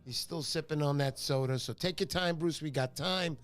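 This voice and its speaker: A man's voice: fairly high pitch, normal speed, a bit bright, faint music behind. A middle-aged man hosting a casual fishing livestream, chatty and joking as he greets viewers by name. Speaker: fishing show host. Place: home livestream.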